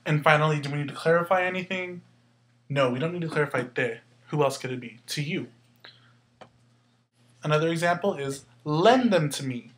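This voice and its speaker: Man, fairly high voice, teacher walking through grammar steps, poses and answers his own questions. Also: normal speed, long pauses. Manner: asks questions and answers them himself; carefully sounds out words to show stress. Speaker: Spanish teacher. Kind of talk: explaining grammar step by step.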